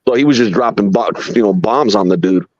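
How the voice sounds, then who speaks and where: A man's voice: lowish voice, a little fast, darkish tone, dry recording, lo-fi sound. Blunt, profane man in casual chat. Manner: blunt, profane street talk. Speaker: guest on a live stream show.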